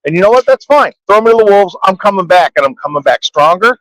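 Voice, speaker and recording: High-voiced joking man, dry sound. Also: expressive, fast, a bit bright, dry recording, low-quality recording. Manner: jokey, playful, delivers motivational quotes. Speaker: podcast co-host. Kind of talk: casual banter. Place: trade show floor.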